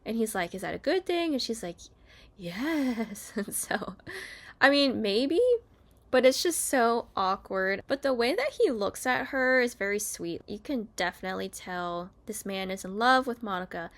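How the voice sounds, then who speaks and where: In a casual YouTube chat from her bed, a young woman goes over a reality show, slipping into different voices to act out quotes. She has an expressive, mid-range, fairly bright voice and talks at a normal speed.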